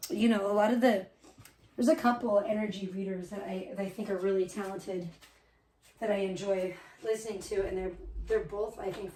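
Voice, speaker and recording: A woman from Chicago with a Chicago accent softened by years on the West Coast, streaming live in a casual, rambling chat and often breaking off mid-sentence. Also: medium pitch, noisy background. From Chicago, USA. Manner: reacts aloud to small mishaps. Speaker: livestreamer.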